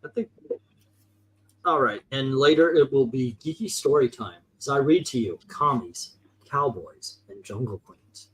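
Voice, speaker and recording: A man's voice: mid-range voice, measured pace, fairly bright tone, husky. A man hosting a casual group chat, rambling and joking and laughing often. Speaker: host.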